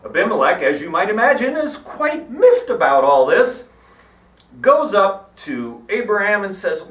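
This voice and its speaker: A man preaches and retells old stories with wry, irreverent asides. His voice is fairly high and swings lively up and down. The recording comes from a reverberant church hall with the mic set well back. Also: a little slow. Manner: irreverent, wry, animated storytelling. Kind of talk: sermon. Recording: echoey hall, mic at a distance.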